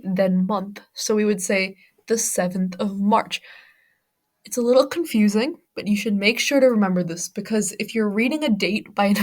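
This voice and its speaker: A woman with an American accent teaching an English-as-a-second-language lesson, explaining patiently step by step with worked examples. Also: medium pitch. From United States. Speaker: ESL teacher.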